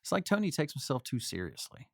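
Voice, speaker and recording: A man's voice: mid-range voice, big pitch swings, fast talker, gravelly, no room sound, studio quality. Easygoing man co-hosting a sports show. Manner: chatty, easygoing, laughs along. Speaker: sports talk show co-host. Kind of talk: casual sports chat.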